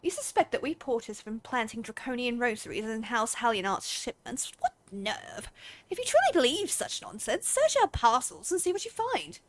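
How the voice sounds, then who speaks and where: A woman's voice: a little high, very animated, moderate pace. A woman reading out a game porter's lines, huffy and indignant, defending his shipments. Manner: huffy, reading dialogue aloud.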